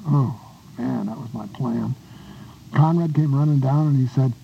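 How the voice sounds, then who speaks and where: Gravelly older man telling war stories. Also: medium pitch, measured pace. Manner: rambling and folksy, with restarts and acted-out voices. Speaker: war veteran telling his story. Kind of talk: oral history storytelling. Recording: dull lo-fi recording with faint hiss.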